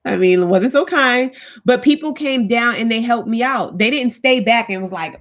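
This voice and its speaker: A woman's voice: a little high, moderate pace. A woman in her thirties, a stay-at-home mom, chatting casually and bluntly with viewers on a live stream and reading out their comments. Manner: talks with her hands, blunt and animated, reads viewer comments.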